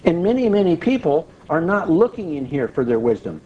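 A man's voice: on the high side, sing-song, fairly quick, dull audio, a little hiss or hum. A man preaching and explaining a Bible passage verse by verse, asking questions and answering them himself. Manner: explains verses step by step, asks and answers his own questions. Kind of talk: Bible teaching sermon.

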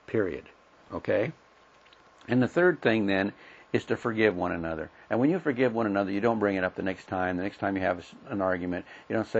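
A man's voice: on the low side, fast talker, creaky, slightly rough. A middle-aged man teaching a Bible lesson in a folksy, plain-spoken way, acting out everyday conversations. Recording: dull lo-fi recording.

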